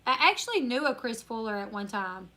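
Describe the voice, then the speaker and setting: A woman with a country Northern Louisiana accent hosts a casual live stream, chatting easily and reading out viewer comments as they come in. Her voice sits high and bright. She sounds a little tired. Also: sing-song, a little fast. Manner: chatty, reads viewer comments aloud, laughs often. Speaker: YouTuber live-stream host.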